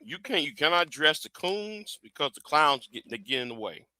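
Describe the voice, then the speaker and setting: A man hosting a casual livestream chat, halting and repeating his words as he talks. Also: a little high, big pitch swings, bright, forceful tone, dry recording. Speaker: livestream host.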